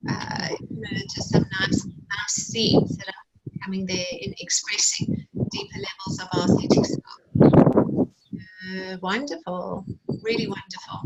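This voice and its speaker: A woman's voice: medium pitch, gravelly. Encouraging woman interviewer, noisy line. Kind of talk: casual interview. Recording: noisy recording.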